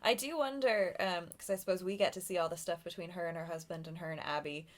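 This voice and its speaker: A woman co-hosting a casual film podcast. She talks in a relaxed, chatty way, giggles often and drifts off into little asides. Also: lowish voice, quick pace. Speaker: podcast co-host.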